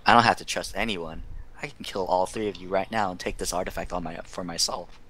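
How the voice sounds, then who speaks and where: A man's voice: low voice, fairly even intonation, fairly quick, sharp tone, slight background noise. A man playing a tabletop role-playing game, speaking bluntly and confrontationally. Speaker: player.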